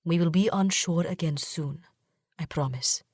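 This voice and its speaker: A woman's voice: sits low, unhurried, darkish tone, breathy edge, no room sound, clean studio sound. A woman voicing a protective, jealous young husband, a sultan, speaking tersely and guardedly.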